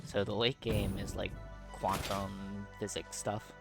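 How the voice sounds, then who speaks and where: A man's voice: fairly low pitch, flat delivery, slow pace. A man losing his voice, rambling casually as he plays and comments on a factory-building game. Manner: rambling, filler-heavy, laid-back. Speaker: gaming video creator. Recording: loud game music behind.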